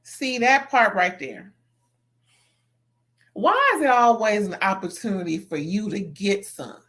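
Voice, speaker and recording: A woman's voice: mid-range voice, big pitch swings, a little slow, fairly bright tone. A woman chatting casually as she recaps a reality TV episode, gossipy and slangy, laughing often between remarks. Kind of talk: casual commentary.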